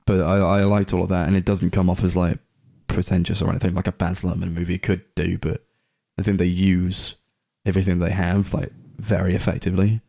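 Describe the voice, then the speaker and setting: A man's voice: low-pitched, level tone, fairly quick, creaky, hardly any pauses, warm tone. A man co-hosting a casual chat, laid-back and swearing freely. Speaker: podcast co-host.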